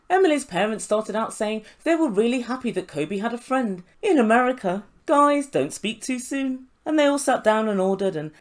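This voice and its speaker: A woman recapping a reality show in a sarcastic, mocking way, laughing often. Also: a little high. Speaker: YouTube reality TV reviewer.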